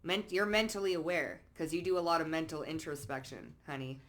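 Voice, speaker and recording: A woman doing a casual spoken card reading, blunt and sassy, swearing freely and calling the listener honey and baby, jumping from low asides to loud outbursts. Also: brisk, noisy background. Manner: blunt, sassy, peppered with swearing and pet names; emphatic, swings between low asides and loud bursts. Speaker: psychic card reader.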